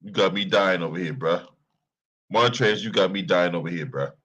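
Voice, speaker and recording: A man's voice: low-pitched, moderate pace, fairly bright tone, breathy edge, muffled recording. A man hosting a sports commentary channel, talking casually with profanity and mocking laughter.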